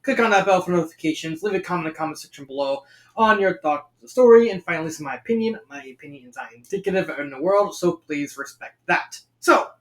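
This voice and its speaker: A man's voice: high voice, lively intonation, fast talker, roomy sound. A chatty man hosting a fan fiction reading, commenting casually and laughing at himself.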